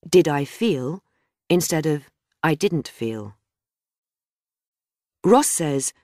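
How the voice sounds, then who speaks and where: A woman reading a scripted grammar lesson in a measured, explanatory way. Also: low-pitched, lively intonation, mellow, no echo, clean studio sound. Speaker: grammar teacher. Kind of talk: scripted instructional narration.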